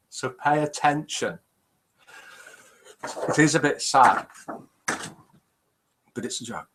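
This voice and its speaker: Taking it slowly with long pauses, an older man from the UK reads viewers' comments aloud during his live interactive show, chatty and jokey throughout. His medium-pitched voice is animated and fairly bright with a breathy edge, and the recording quality is low.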